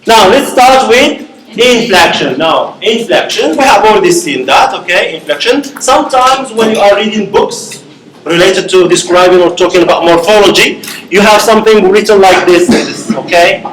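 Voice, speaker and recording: A man lectures on linguistics at a university, walking through ideas step by step and checking in with the class through frequent "okay?" and "right?" His high-pitched voice is animated at a normal speed, with crowd noise in the echoey classroom.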